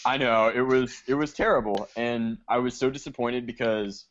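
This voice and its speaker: A man's voice: mid-range voice, moderate pace. Man telling a casual story, muffled sound. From Georgia, US South. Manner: relaxed storytelling. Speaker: podcast co-host. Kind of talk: casual chat.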